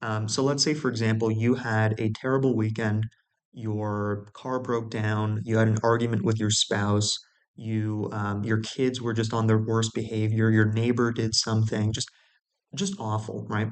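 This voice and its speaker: A man's voice: fairly low pitch, level tone, normal speed. A man explaining communication in a casual, conversational way, often restarting phrases and checking in with listeners. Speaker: video host.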